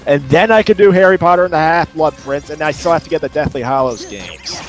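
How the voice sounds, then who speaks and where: A man's voice: fairly high pitch, fairly quick, faint music behind. A man hosting a let's play, chatting casually and rambling through long lists of details. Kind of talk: casual chat over gameplay.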